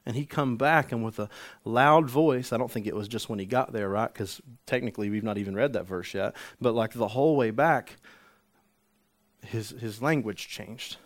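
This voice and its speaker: A man preaching a sermon, an animated storyteller who acts out the scenes he describes. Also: medium pitch, moderate pace. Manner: animated storytelling, acts out the healed man's joy. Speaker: pastor.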